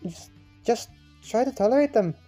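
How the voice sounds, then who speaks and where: A man voicing an earnest young peacemaker who talks gently and reasonably, over faint music. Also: extremely high pitch, lively intonation, normal speed, voice pushed up. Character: earnest young peacemaker, soft-spoken and caring. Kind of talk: fan visual novel voice acting.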